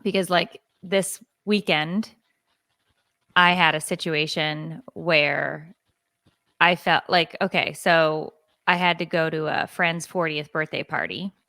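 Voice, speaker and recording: A woman's voice: low-pitched, fairly even intonation, slow pace, pushed and bright, dry recording. A woman in her forties, co-hosting a podcast and telling a rambling, confessional story full of fillers. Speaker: podcast co-host. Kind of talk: casual confessional chat.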